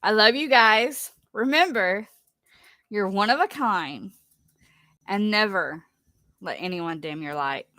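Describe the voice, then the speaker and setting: A woman's voice: medium pitch, takes it slowly, pauses often, pushed and bright, dry recording. A woman hosting a live stream, chatting casually with viewers in a rambling, chatty way. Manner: rambling, chatty, laughs easily.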